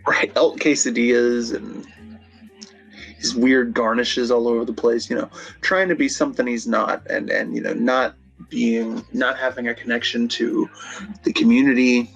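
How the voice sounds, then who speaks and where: A man's voice: medium pitch, fairly even intonation, normal speed, gravelly, a bit bright, breathy edge, dull audio, soft background music. A man co-hosting a podcast in casual chat, rambling and swearing freely. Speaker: podcast co-host.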